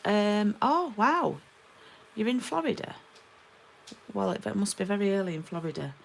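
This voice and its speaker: A woman's voice: medium pitch, moderate pace, vocal fry, poor audio. A woman giving a chatty live-streamed card-making lesson and greeting viewers by name. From England.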